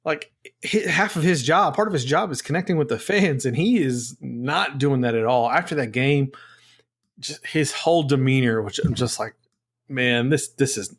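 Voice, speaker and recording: A man's voice: medium pitch, lively intonation, normal speed, breathy edge. A man co-hosting a sports podcast in casual chat, ranting in frustration with many restarts. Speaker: podcast co-host.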